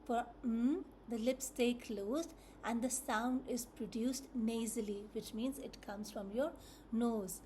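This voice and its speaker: A woman teaches phonics at a very slow, patient pace, drawing out each letter sound and saying it over and over. Her voice sits a little high but sounds mellow and soft rather than bright. A faint hum of room noise runs underneath. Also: fairly even intonation. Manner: patient, repeats each sound several times, drawn-out sounds.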